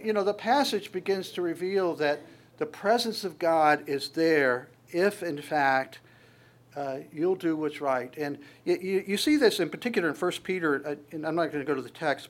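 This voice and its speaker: At a moderate pace, a man with a voice a touch high for a male delivers a loose, conversational sermon. Quoting scripture, he often stumbles and starts sentences over, and he drops into small acted voices while retelling a story.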